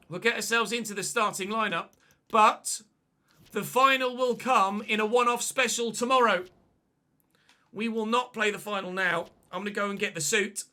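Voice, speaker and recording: A man commentating his own football video game match, excitable and shouting at goals, his voice going hoarse. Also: sits high. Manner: shouts and celebrates goals, then chats calmly. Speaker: gaming commentator. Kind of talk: excited live gameplay commentary.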